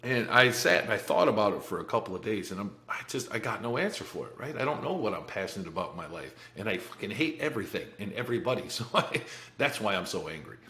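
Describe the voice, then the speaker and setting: A man's voice: fairly low pitch, fairly bright tone. A man in his forties telling his life story as a podcast guest, blunt and profane, with many restarts and short laughs. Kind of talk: candid life-story interview. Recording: roomy echo.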